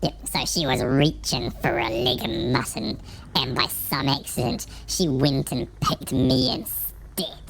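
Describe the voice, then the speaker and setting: A man voicing an old drunken villager who rambles in a slow, folksy rustic dialect. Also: fairly high pitch, sing-song, vocal fry, a bit bright, slight background noise, voice pushed up, exaggerated voice, low-quality recording. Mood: rambling.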